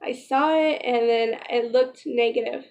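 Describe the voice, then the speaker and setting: A woman's voice: a little high, measured pace, a little mellow, dull audio. A young pregnant woman chatting in a casual vlog, retelling a story emotionally with lots of "like" and "you know". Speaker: vlogger.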